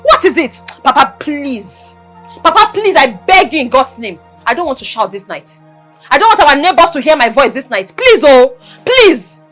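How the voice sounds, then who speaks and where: An actress playing a defiant Nigerian daughter who talks back hard, her voice high and bright with wide swings. She taunts and refuses to give ground. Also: very animated, normal speed, soft background music. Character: defiant young woman Rita, daughter. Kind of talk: film drama acting.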